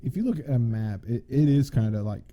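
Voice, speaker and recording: A man's voice: medium pitch, a little fast, highs cut off. A young man from the United States co-hosting a casual podcast, joking and laughing often. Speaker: podcast co-host. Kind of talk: casual chat.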